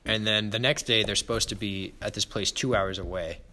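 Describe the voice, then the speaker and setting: A man's voice: lowish voice, a little fast, bright, forceful tone, slight background noise. A man co-hosting a casual podcast, animatedly retelling a film scene by scene with frequent "like"s. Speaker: podcast co-host.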